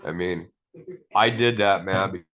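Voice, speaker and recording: Earnest deep-voiced man sharing a testimony. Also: slow, muffled recording. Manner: earnest, rambling, says "man" often. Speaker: community member sharing a testimony. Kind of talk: emotional personal testimony.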